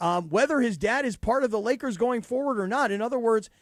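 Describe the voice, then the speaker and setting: A man's voice: very high-pitched, quick pace, no echo. A man hosting a sports radio show, joking and sarcastic, speaking in a studio. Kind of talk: casual sports talk.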